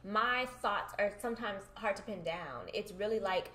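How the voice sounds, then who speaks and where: A woman's voice: mid-range voice, normal speed, fairly bright tone. A woman co-hosting a podcast in casual chat, telling personal stories and acting out both sides of the conversations. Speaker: podcast co-host. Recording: echoey room.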